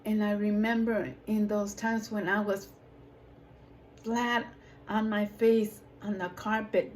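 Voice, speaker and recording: A woman who leads a ministry, giving a personal testimony in a slow, emotional way that rises to emphatic outbursts. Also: mid-range voice, level tone, darkish tone, a little hiss or hum, rough recording. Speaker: ministry leader.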